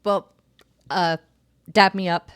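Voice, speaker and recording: A woman's voice: fairly low pitch, fairly even intonation, slow, a bit bright, smooth. Playful woman at a game table. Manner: joking, playful, easygoing. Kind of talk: casual tabletop game talk.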